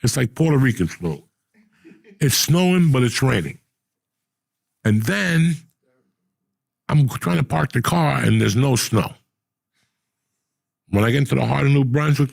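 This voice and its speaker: Gravelly older New man ranting. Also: mid-range voice, normal speed, long pauses, dry recording. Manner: profane, rambling, animated storyteller. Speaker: podcast host. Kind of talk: casual storytelling chat.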